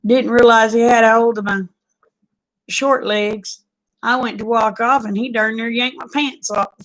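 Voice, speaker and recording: A woman, chatting casually with viewers on a livestream, folksy and quick to laugh. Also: fairly high pitch, steady tone, rough recording. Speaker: livestream host.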